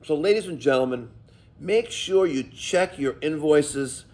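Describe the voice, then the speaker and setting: Animated, profane New tradesman ranting. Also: a little high, unhurried. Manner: emphatic, profane, storytelling. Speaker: plumbing contractor. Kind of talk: casual vlog rant.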